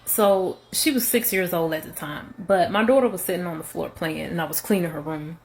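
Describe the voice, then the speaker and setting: A woman's voice: fairly low pitch, a little fast, slight background noise. A mother telling a story in a chatty, giggly way. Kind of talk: casual storytelling.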